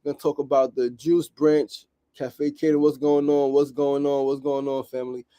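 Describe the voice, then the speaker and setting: A man's voice: mid-range voice, normal speed, clean tone. A man hosting a motivational podcast, talking in an emphatic, repetitive, slangy way and ending lines with "right?". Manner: slangy, animated street talk. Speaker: podcast host.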